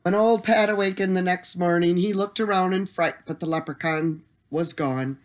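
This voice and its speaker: A storyteller reading a bedtime story aloud, with an expressive voice that lifts at dramatic moments. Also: medium pitch, moderate pace.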